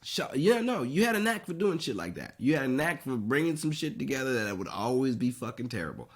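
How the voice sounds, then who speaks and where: A man hosting a podcast, telling a story loudly and animatedly, often laughing. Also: medium pitch, big pitch swings, a little fast. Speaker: podcast host. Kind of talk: casual chat.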